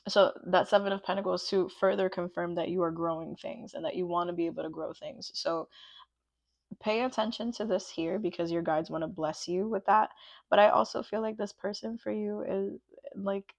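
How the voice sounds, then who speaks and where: A woman's voice: fairly low pitch, steady tone, normal speed, creaky, no room sound. A woman giving a pick-a-card tarot reading, gushing and emotional and full of "like" fillers. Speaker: tarot reader.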